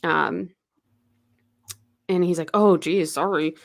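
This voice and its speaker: With a fairly low, gravelly voice and fairly even intonation, a woman takes her time as she co-hosts a podcast. It's a casual book recap: she retells the novel in loose, chatty fashion, acting out quoted lines.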